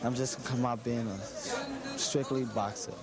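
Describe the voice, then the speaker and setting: A man, a boxer being interviewed, answering in a halting way, repeating and restarting phrases. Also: medium pitch, fairly even intonation, a crowd in the background.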